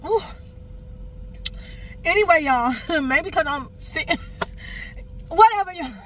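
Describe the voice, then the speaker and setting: A woman's voice: very high-pitched, takes it slowly, a little hiss or hum. Candid woman telling a personal story. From Miami, Florida. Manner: animated, candid, swears freely, keeps addressing viewers. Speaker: vlogger.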